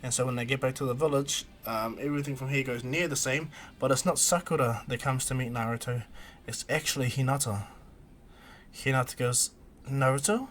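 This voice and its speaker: A male streamer narrates a fan fiction story in a rambling, animated way, restarting sentences as he goes. His voice sits in an ordinary mid pitch for a man. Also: brisk.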